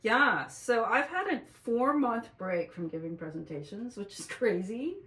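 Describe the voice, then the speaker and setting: A woman who is a therapist and tarot reader, co-hosting in a calm, affirming way. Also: on the high side, unhurried. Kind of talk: casual chat. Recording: echoey room.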